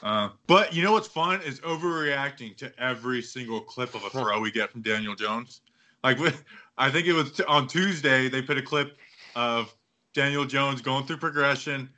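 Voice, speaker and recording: A man hosting a casual sports podcast, talking in a rambling, excitable way and acting out other people's quotes. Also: mid-range voice, moderate pace. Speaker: podcast host.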